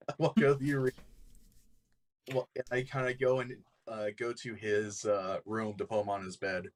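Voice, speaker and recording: A man's voice: lowish voice, little pitch movement, normal speed. A man playing a tabletop game, describing his character's actions with many likes and kinda's. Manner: rambling, filler-heavy. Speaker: player. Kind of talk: casual game chat.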